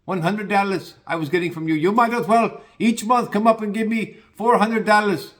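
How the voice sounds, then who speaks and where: A man's voice: high voice, moderate pace, far from the mic, pitched above the performer's own voice, lightly acted. A man voicing a male beer store owner who teases a regular customer about his spending. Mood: teasing.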